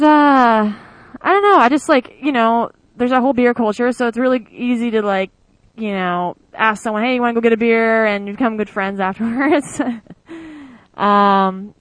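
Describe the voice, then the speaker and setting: A young woman with an American accent answers interview questions in a relaxed, chatty way. She rambles and fills her pauses with "um" and "like". Her voice sits at an average pitch and sounds close and dry, with no room echo. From United States. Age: young adult. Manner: chatty, rambling, many fillers. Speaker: interviewee, former exchange student.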